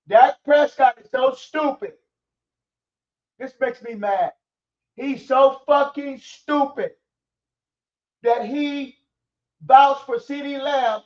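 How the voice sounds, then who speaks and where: A man's voice: very high-pitched, takes it slowly, long pauses, far from the mic, dull audio. A man ranting angrily and profanely about his football team on a stream. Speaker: sports commentary streamer. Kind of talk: angry sports rant.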